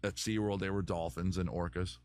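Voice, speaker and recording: A middle-aged man talks casually on a live stream, reading out and answering comments from his viewers. He rambles, restarts sentences, and swears without much care. His voice sits low and the recording is close and dry. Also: steady tone, fairly quick, darkish tone, dry recording.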